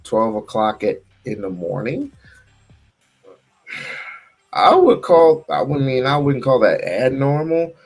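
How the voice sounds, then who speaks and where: A man hosting a casual livestream, talking in bursts with stammered restarts and repeated words. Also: mid-range voice. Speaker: livestream host.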